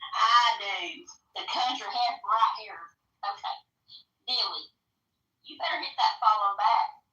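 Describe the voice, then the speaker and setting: A woman's voice: mid-range voice, unhurried, pushed and bright. A middle-aged woman from the Southern US, a guest in a casual group voice chat, talking freely with swearing and laughter. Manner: chatty, swearing, laughs often. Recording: muffled distant roomy online audio.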